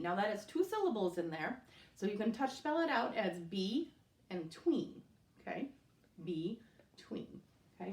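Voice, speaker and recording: A woman's voice: fairly high pitch, distant mic. A woman teaching a recorded spelling lesson at home, patiently sounding out words letter by letter. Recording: echoey room, voice off-mic.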